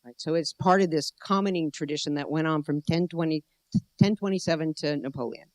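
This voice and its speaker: A woman's voice: low voice, brisk, darkish tone, no echo. A middle-aged American woman giving a conference talk as an anthropologist, telling a digressive story and often searching for her words. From United States. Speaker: anthropologist speaker. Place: gallery venue indoors.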